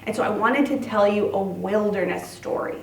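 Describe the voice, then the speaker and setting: A woman pastor giving a sing-song, animated children's sermon to preschoolers in a church. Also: medium pitch, moderate pace, vocal fry, echoey room, far from the mic, rough recording.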